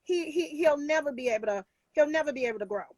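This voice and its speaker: A woman's voice: sits high, lively intonation, fast talker, a little mellow, no room sound. A woman life coach talking in a casual talk show, emphatic and heartfelt, with many restarts.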